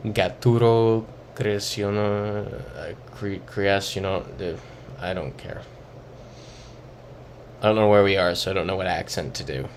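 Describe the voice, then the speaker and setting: A young man streams a geography guessing game, thinking aloud and muttering casually through chat messages in relaxed live-stream commentary. His voice is low and moderately paced, with frequent pauses and a little hiss or hum.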